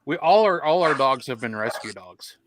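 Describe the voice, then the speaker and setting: A man's voice: medium pitch, lively intonation, normal speed, noisy background. A man chatting casually on a podcast, easygoing and often laughing. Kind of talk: casual chat.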